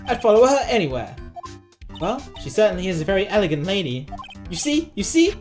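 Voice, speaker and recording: Casting: woman doing a lovesick young man from a video game, high and excitable, stammering as he gushes. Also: fairly quick, faint music behind, close to an everyday voice. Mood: gushing. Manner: gushing, stammering.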